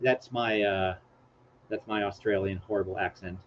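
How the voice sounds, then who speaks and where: A man's voice: sits low, fairly even intonation, normal speed. A man hosting a casual live stream, rambling and joking about himself as he reads things off his screen aloud. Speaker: livestream host. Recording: dull lo-fi stream audio with faint hiss.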